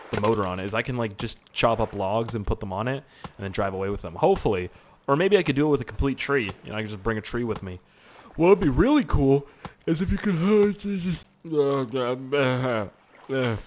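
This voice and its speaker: A young man, a gaming YouTuber, offers casual let's-play commentary on a survival game he's playing, rambling, joking and swearing a lot. His voice sits at medium pitch, with a little hiss or hum in the audio.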